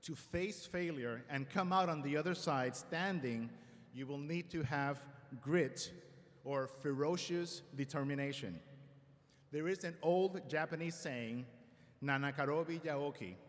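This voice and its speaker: Man giving a ceremonial address in a big echoing hall. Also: a little high. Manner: measured, with light self-deprecating humor. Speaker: school leader giving a convocation address. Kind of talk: formal ceremonial speech. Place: large auditorium. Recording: long hall reverb in a large auditorium.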